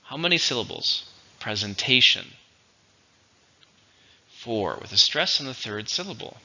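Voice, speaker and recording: A man teaching English vocabulary in a slow, deliberate lesson, spelling out syllables and stress. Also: mid-range voice, very animated, vocal fry, bright, forceful tone, breathy edge, highs cut off. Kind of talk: recorded vocabulary lesson and dictation.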